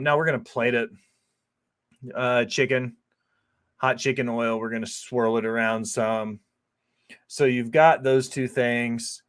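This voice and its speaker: Talking over his cooking video, this male chef rambles loosely, swears a lot, and leans on "like" and "um" to fill silences. His voice sits in the mid range with a slightly bright quality.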